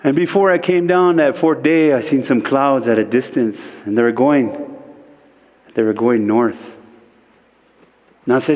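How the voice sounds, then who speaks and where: A guest speaker and spiritual teacher from Standing Rock, United States, tells a spiritual vision story at a worship service in a church sanctuary. He speaks in slow, short phrases with a mid-range, darkish voice that rises sharply whenever he quotes someone. The recording carries the long reverb of a large hall.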